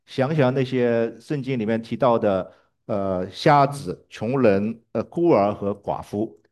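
A man's voice: mid-range voice, measured pace, a little mellow. A man interpreting a sermon live, hesitating with fillers and restarts.

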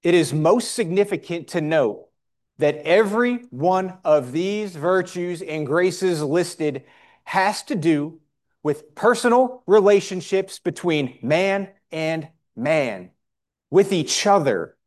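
A man preaching a sermon in short measured phrases, pausing for his interpreter. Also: sits high, lively intonation, darkish tone.

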